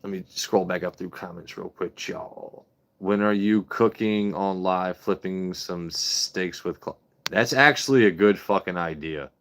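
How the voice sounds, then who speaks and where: A man's voice: deep voice, a little slow, fairly bright tone, a little hiss or hum. A man hosting a livestream in casual, rambling chat, swearing freely as he talks. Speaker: livestream host.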